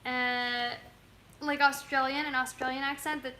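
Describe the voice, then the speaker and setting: A woman's voice: high-pitched, little pitch movement, measured pace, sharp tone, roomy sound, slight background noise. A young woman co-hosting a casual live stream from her couch at home, chatty, laughing often and reading out viewer comments. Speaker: co-host of a travel channel live stream.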